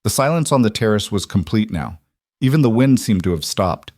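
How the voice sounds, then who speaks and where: A man narrating a scripted story in a steady, even delivery. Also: lowish voice, a little fast, no room sound, clean studio sound.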